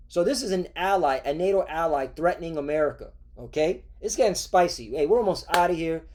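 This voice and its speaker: A man's voice: a little high, expressive, normal speed, darkish tone. Profane, ranting male host. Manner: profane, ranting, repeats "all right?". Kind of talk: religious news commentary.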